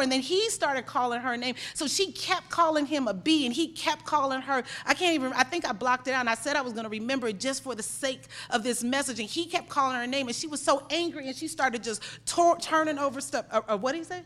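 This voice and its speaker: High-voiced woman preaching with animated storytelling. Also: brisk, hardly any pauses. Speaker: pastor. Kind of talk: sermon.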